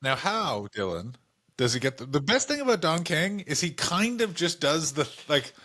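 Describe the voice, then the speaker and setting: A man's voice: fairly high pitch, big pitch swings, normal speed, pushed and bright. A male comedian co-hosting a podcast, telling stories animatedly with swearing and mock voices. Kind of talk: casual comedic chat.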